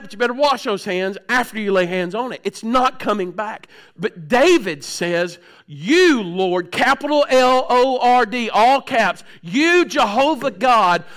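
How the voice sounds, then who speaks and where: Middle-aged male pastor, high voice, lively sermon delivery that drops to a near hush, frequent throat clearing. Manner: animated, swings from loud outbursts to hushed low tones.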